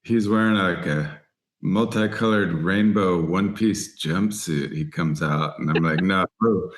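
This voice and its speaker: Middle-aged man from Texas, low voice, animated storyteller who acts out the lines of people in his tales, relaxed interview guest. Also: unhurried. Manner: animated anecdotes, voices other people in quotes. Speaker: podcast guest, writer and angler.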